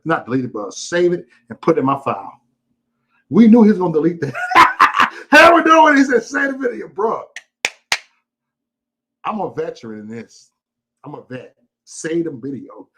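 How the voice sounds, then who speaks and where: Excitable husky man hosting his channel, fairly high, lively. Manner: excited, cursing, quick reactions. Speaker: channel host. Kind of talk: casual live-stream commentary.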